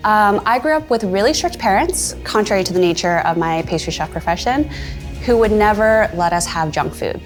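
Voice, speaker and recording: A woman pastry chef presenting her dessert in a composed way, with frequent pauses. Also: fairly low pitch.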